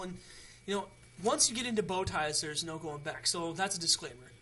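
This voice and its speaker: A man's voice: on the high side, expressive, fairly quick, hardly any pauses, bright, forceful tone, slight background noise. A young man hosting a casual how-to video, chatty and rambling with frequent restarts. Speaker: tutorial host.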